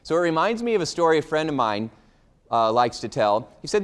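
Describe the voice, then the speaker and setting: A man giving a motivational talk, telling stories with lively, acted-out dialogue. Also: fairly high pitch, fairly quick. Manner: animated storytelling, acting out a frustrated man's complaints. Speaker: motivational speaker.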